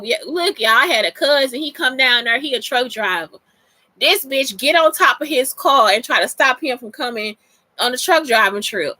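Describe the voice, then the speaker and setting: Woman host, higher voice, blunt and profane, dry close sound. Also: bright, forceful tone, no echo. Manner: blunt and profane, talks straight to listeners. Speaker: podcast host. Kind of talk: casual monologue answering listener questions.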